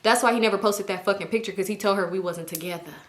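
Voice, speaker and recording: A woman telling a personal story to her viewers in a casual vlog, blunt and profane, with a dramatic, animated delivery. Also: medium pitch, fast, slight background noise. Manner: blunt, profane, emphatic retelling. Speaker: storytime YouTuber.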